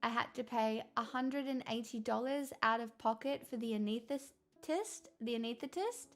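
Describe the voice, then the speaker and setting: Woman streamer, higher voice, relaxed matter-of-fact chat with viewers, light self-mockery. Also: normal speed. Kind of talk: casual live-stream chat, answering viewer messages.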